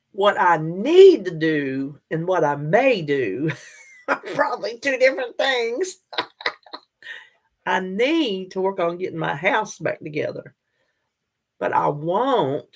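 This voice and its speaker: An older woman, chatting casually and directly to her viewers in a vlog. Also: lowish voice. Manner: chatty, animated, talks straight to viewers. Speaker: vlogger.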